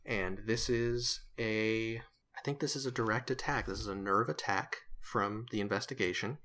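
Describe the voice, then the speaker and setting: A man's voice: fairly low pitch, moderate pace, sharp tone. A man narrating a tabletop game as game master, rambling and correcting himself as he describes scenes.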